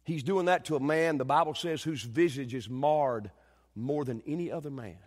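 A male pastor preaching a sermon, telling stories with shouted quotes and then dropping to quiet, earnest delivery. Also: on the high side, normal speed. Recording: long reverb of a church hall.

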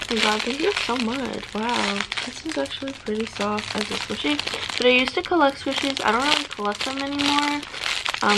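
A young woman vlogging as she unboxes gifts, gushing and excitable, full of "oh my god" and "like". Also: mid-range voice. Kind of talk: casual unboxing vlog. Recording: clear background noise.

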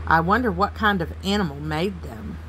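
A woman reading aloud, voicing an eager young boy who exclaims his lines in a raised, higher voice. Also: normal speed, a bit bright, slight background noise, lightly acted. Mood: excited.

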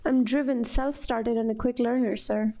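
A woman voicing a worried immigrant husband who pleads politely in a job interview, in her own high voice. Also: fairly even intonation, moderate pace, dark tone, close to an everyday voice.

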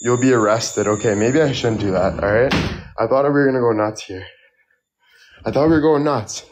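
A man chatting on a live stream, joking around loudly and bantering with his viewers. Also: mid-range voice, normal speed, a little hiss or hum, rough recording. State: out of breath. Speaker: livestreamer. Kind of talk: casual live-stream chat.

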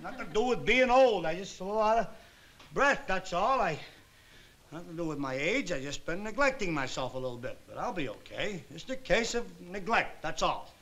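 A man's voice: sits high, very animated, fairly quick, fairly bright tone, rough recording. An actor playing a middle-aged nightclub entertainer and father in a 1950s sitcom, talking in an exasperated, stammering way. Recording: hissy old TV soundtrack.

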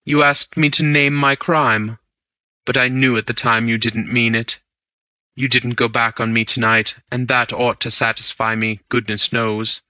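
A man voicing a charming, self-assured gentleman thief in an audiobook, with an easy, amused and persuasive way of talking. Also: medium pitch, fairly even intonation, unhurried, clean tone, no echo.

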